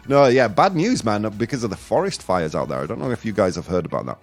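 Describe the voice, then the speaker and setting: A man's voice: on the low side, sing-song, brisk, faint music behind. A man hosting a casual live-streamed news podcast, joking, rambling and laughing at his own jokes. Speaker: podcast host.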